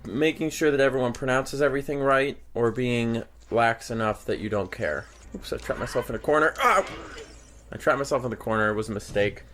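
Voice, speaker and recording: A man's voice: medium pitch, brisk, fairly bright tone, a little hiss or hum. A young man hosting a gaming video, talking over his play in a dry, rambling way with offhand jokes. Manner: dry, rambling, jokey asides. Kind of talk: deadpan gameplay commentary.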